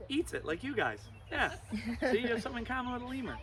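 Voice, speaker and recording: A man's voice: extremely high pitch, sing-song, fast, crowd noise. A man presenting a live animal show to kids, playful and teasing.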